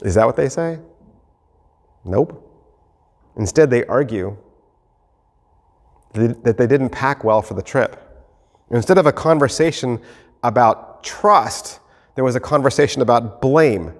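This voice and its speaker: A man preaching a sermon as pastor, reading scripture and then acting out the scene with lively shifts of voice. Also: mid-range voice, creaky. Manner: animated, acts out the disciples and Jesus in quick voices. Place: church sanctuary. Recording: long hall reverb.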